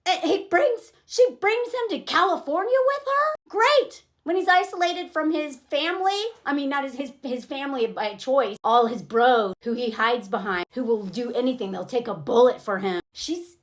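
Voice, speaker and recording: A woman's voice: high-pitched, moderate pace, hardly any pauses. A woman giving an indignant, emphatic commentary on a film scene, acting out bits of dialogue. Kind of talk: casual commentary vlog.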